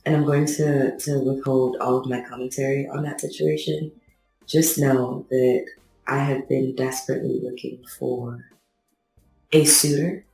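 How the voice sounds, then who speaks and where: A woman's voice: very deep voice, flat delivery, a little slow, vocal fry, dark tone, roomy sound, faint music behind, poor audio. A woman co-hosting a podcast, talking casually with dry, self-deprecating wit. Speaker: podcast co-host.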